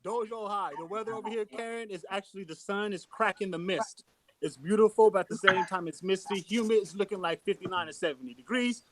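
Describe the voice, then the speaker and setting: A man rambles quietly on a video call, often laughing as he goes. His voice is high and the sound is dry, with no room echo. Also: quick pace. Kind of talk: casual group video call.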